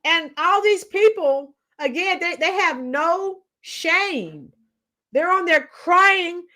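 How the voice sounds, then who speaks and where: A woman's voice: extremely high pitch, slow pace. A woman hosting a livestream, bluntly sounding off and talking back to her chat by name. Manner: animated, blunt, laughs often, talks to chat by name. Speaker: livestream host reading chat. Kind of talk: opinionated livestream commentary.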